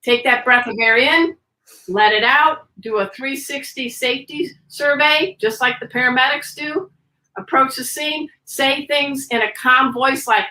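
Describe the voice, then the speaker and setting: A woman guest on a video podcast, teaching pet first aid with an energetic, demonstrative manner. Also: high voice, unhurried. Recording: roomy echo.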